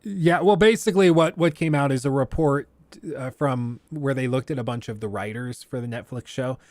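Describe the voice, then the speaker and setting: Man, livestream host, opinionated rant, mid pitch, dry close sound. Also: no room sound. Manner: opinionated, ranting, animated outbursts. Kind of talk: casual livestream commentary.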